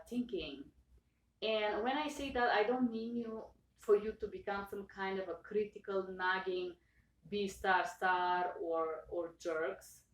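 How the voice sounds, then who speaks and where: A woman speaking English with an accent, earnestly thanking her viewers, halting and emotional with many restarts. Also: mid-range voice, slight background noise. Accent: non-native English accent. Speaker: channel owner. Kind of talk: personal thank-you talk to viewers. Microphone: own camera. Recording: roomy echo, voice far from mic.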